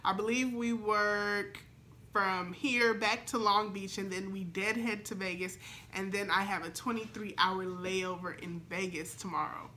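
A young adult woman chatting in a vlog as a flight attendant, excited and emotional, with lots of fillers. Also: medium pitch, a little slow, background noise. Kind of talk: casual vlog chat.

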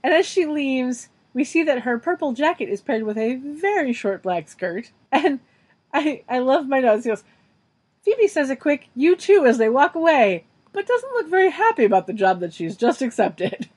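A woman's voice: high-pitched, moderate pace, husky. A woman co-hosting a podcast, recapping a TV episode scene by scene in casual chat. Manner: animated, narrates episode scenes in detail. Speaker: podcast co-host.

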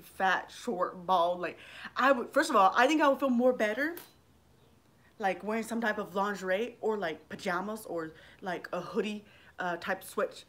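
A woman's voice: medium pitch, a bit bright. Middle-aged woman, livestream vlogger, rambling casual chat, swears a lot, talks straight to viewers. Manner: rambling, swears freely, addresses viewers by name.

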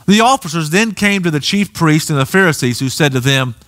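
Animated high-voiced Southern preacher. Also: male voice, a little fast. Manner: animated preaching, rising to near shouts. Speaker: pastor. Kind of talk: sermon. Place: church sanctuary.

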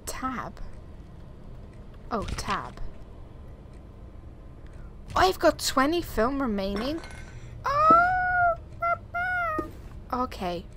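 A woman's voice: fairly high pitch, takes it slowly, long pauses. Jumpy young woman playing a horror game. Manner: jumpy, talks to herself, frightened exclamations. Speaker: gaming YouTuber. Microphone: desk USB microphone. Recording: steady background noise.

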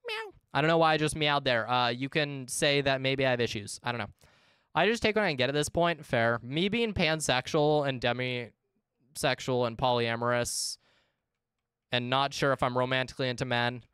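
A woman in her twenties, chatting casually and excitably with viewers while streaming a game, swearing freely. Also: rumbling low, normal speed, clear, resonant tone, dry recording, studio quality. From United States. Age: 20s. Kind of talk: casual live-stream chat.

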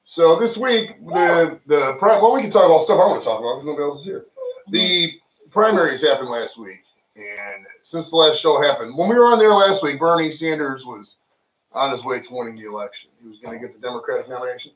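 A man's voice: a little high, lively intonation, brisk. A man hosting a casual home livestream, talking loosely and joking with plenty of swearing. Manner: loose, profane, joking, off-the-cuff. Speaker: livestream show host. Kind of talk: casual rambling chat. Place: home room with friends. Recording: roomy, mic at a distance.

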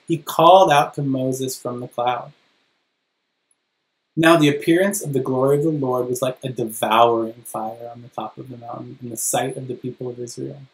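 Pastor preaching in a church, dramatic and emphatic, middle pitch, lots of room echo. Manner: dramatic, emphatic preaching with slow stressed phrases. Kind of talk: sermon.

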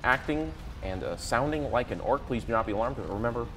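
A man's voice: mid-range voice, animated, brisk, a bit bright, slight background noise. A man voicing Jeff, a goofy, nervous human wizard who keeps laughing. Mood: reassuring. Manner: upbeat, giggly, nervous.

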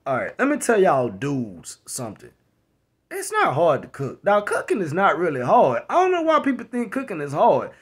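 Animated young man ranting to camera. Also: fairly high pitch, normal speed, breathy edge. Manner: animated, repetitive, slangy storytelling with quoted voices. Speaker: vlogger. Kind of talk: casual rant to camera.

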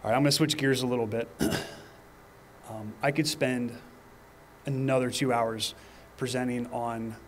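A man in his thirties giving a fire department training talk, telling personal stories in an earnest way, with pauses and restarts. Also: medium pitch, fairly even intonation, a little hiss or hum. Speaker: fire department lieutenant presenter. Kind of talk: training presentation.

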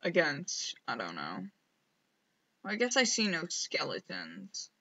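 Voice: mid-range voice, huge pitch swings, takes it slowly, vocal fry, sharp tone, highs cut off. A streamer rambling casually over gameplay, mumbling to themself and poking fun at themself, on a headset mic. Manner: self-mocking.

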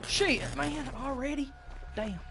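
Male gaming host, very high voice, slow profane nervous commentary. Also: gravelly, heavy background noise. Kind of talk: let's play commentary.

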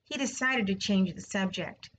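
A woman, a third grade teacher, reading a children's novel aloud slowly, clearly and expressively. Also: medium pitch, slight background noise, low-quality recording. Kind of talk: storybook read-aloud.

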